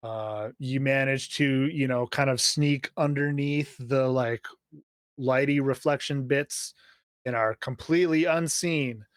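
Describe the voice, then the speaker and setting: A man runs a tabletop game at an unhurried, halting pace, stopping to restart his sentences. His voice sits at an ordinary middle pitch. The sound is dry and close, with no room echo. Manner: hesitant, lots of fillers and restarts. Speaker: game master.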